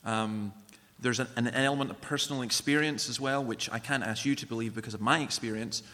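A guest speaker and author gives an earnest, personal evangelistic talk in a large church, in the conversational style of a testimony. His mid-range voice holds a steady tone and moves a little fast, sounding pushed and bright. A long church reverb trails his words.

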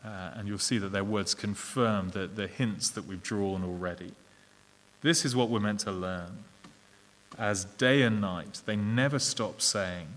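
An English-accented man delivers a sermon in an earnest, measured way, pausing on small fillers and restarts. His voice sits fairly low. Long reverb from a large hall trails after his words. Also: a bit bright, slight background noise. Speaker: preacher.

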